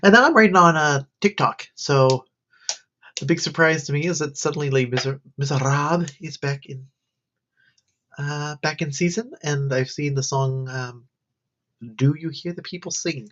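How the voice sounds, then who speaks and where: A woman's voice: low voice, moderate pace, a bit bright. A tired woman, a college student, rambling through her day in a casual livestream diary. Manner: rambling, wandering chat. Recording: dull lo-fi stream audio.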